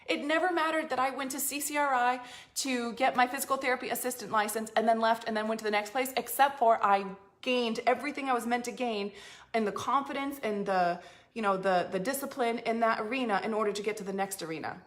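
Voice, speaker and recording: A woman with a voice pitched a little high delivers a live motivational talk as a coach. She is blunt and emphatic, swears freely, and slips into acted-out inner monologues. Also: quick pace. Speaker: business and mindset coach.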